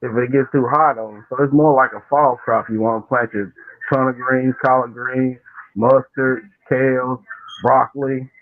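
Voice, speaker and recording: A man gives steady, patient gardening advice in a mid-range voice. His voice comes through a dry, tinny phone-like line. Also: mid-range voice, moderate pace, no room sound. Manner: steady, explanatory. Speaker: gardening guest. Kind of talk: casual advice.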